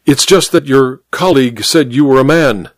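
A man's voice: mid-range voice, normal speed, dry recording, studio quality, natural voice. A man doing a pompous, indignant judge.

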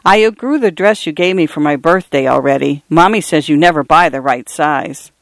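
A man's voice: a little high, normal speed, gravelly, fairly bright tone, dry recording. A man reading aloud and voicing a shy, curious young daughter.

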